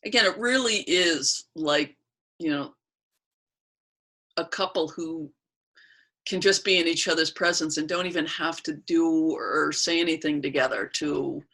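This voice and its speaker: A woman leading a training session over a video call. She speaks softly and reflectively, unhurried, often pausing to search for words. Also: low voice. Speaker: workshop facilitator.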